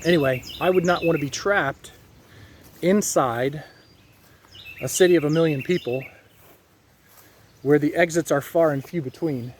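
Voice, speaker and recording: Man from Ohio, fairly high voice, rambling folksy vlog delivery with faint rural outdoor noise behind. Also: a little slow, long pauses. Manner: rambling, folksy, preachy asides. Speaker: vlogger. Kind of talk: casual monologue.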